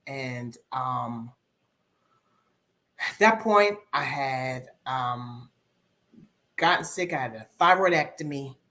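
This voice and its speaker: Brief: middle-aged woman, deep-pitched, candid and reflective, podcast guest recounting hard times. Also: animated, slow, pauses often, sharp tone. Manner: candid, reflective, with many ums and repeated phrases. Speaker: guest life coach. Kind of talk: podcast interview storytelling.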